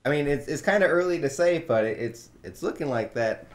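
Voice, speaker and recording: A man from Wisconsin hosting a casual podcast, talking excitably and swearing a lot. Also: fairly high pitch, fairly quick. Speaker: podcast host.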